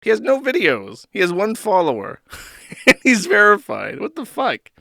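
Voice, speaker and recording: A man's voice: sits high, huge pitch swings, unhurried, creaky, sharp tone, dry recording, clean studio sound. A man hosting a live stream, reading posts aloud and commenting sarcastically, with frequent laughs.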